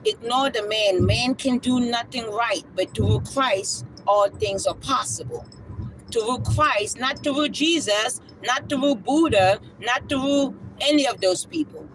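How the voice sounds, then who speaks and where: A livestream spiritual speaker preaches with fervor, hammering each point through repetition and a tag question. The voice sits at a middling pitch and now and then breaks into a shout. Clear background noise and passing vehicle sounds run under the speech. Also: slow pace.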